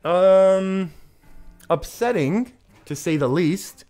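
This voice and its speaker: A man streaming a card game, chatting casually with his viewers and reacting with excitement to each play. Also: high voice, drawn-out words. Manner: chatty, reads chat aloud, excitable. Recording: faint music behind.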